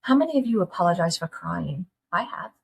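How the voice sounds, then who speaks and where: A middle-aged woman talks straight to her listeners, earnest and folksy. Her voice sits on the low side and has a husky grain, and she keeps asking her audience direct questions. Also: lively intonation, fairly quick. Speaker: podcast host. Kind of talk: candid solo talk to listeners.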